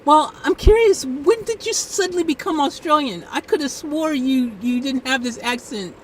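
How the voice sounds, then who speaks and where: A woman's voice: high voice, recorded from a distance, slight background noise, rough recording. A woman from the United States hosting a live stream, chatting casually and playfully with an AI. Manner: playful, chatty, quick to laugh. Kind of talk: casual chat with an AI.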